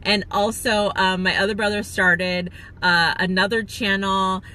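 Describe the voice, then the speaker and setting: A woman's voice: medium pitch, little pitch movement, a little slow, pushed and bright. A woman live-streaming to her viewers from a phone, chatting heartfelt and gushing with lots of fillers, near tears at times. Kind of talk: emotional live-stream chat.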